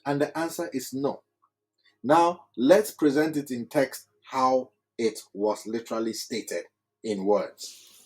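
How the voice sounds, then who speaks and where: A man teaching at a writing board, slow and deliberate, repeating phrases word by word. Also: mid-range voice, breathy edge, rough recording. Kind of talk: whiteboard lecture.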